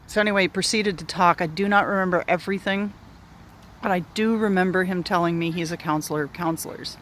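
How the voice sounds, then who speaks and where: A woman's voice: lowish voice, fast talker, fairly bright tone, slight background noise. A woman outdoors telling a personal story in a candid, rambling way, swearing freely and circling back on herself. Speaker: speaker sharing a personal story. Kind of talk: casual spoken storytelling. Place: outdoors near bushes in an urban area.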